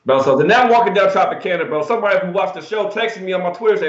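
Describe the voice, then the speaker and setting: A man co-hosting a sports betting show, telling stories in a casual, animated, slangy way with plenty of swearing. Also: high-pitched, racing. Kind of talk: casual storytelling and betting talk. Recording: echoey room, dull lo-fi sound.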